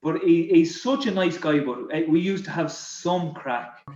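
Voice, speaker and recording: A man speaking as a podcast guest in casual conversation, talking haltingly with many repeated words and fillers. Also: a little high, a little mellow. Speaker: guest, former footballer. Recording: roomy, slightly dull sound.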